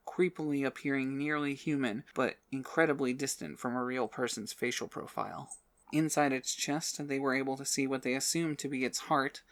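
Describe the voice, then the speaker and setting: A man reading a fantasy audiobook as narrator, in steady scripted narration. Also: mid-range voice.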